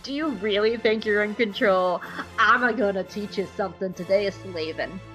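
A woman voicing a smug, scheming alien male commander who speaks slowly and mockingly. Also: mid-range voice, a bit bright, faint music behind, lightly acted.

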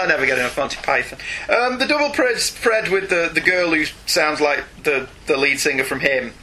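A man chats on a podcast, animated and quick to mock himself. His voice is very bright and sharp, a little above the usual pitch, with faint ambient noise behind him. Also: poor audio. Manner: sarcastic, self-mocking, animated. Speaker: podcast co-host. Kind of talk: casual comic book podcast chat.

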